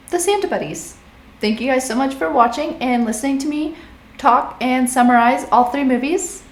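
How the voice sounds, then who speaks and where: A woman's voice: a little high, echoey room. A young woman vlogger casually recapping movies, rambling and chatty with many fillers.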